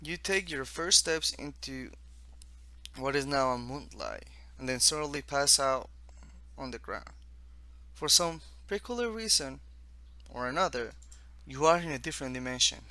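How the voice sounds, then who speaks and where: A man from the East Coast walks through a simple text adventure, reading each line off the screen and adding his own asides. His voice is bright and forward, and it is recorded close and dry with no room sound. He reads haltingly, restarting phrases as he goes. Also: medium pitch, expressive, no room sound. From East Coast of the United States. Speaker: student demoing his own text game. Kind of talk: casual walkthrough, reading game text aloud.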